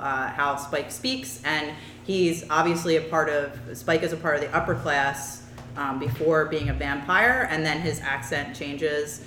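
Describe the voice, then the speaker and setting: A chatty woman with a low voice, talking in a loose podcast style full of ums and likes. She laughs easily as she rambles, and her voice rings in a roomy, echoey space. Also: bright, forceful tone, a little hiss or hum. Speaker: podcast co-host discussing a TV show. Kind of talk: casual chat. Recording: roomy echo.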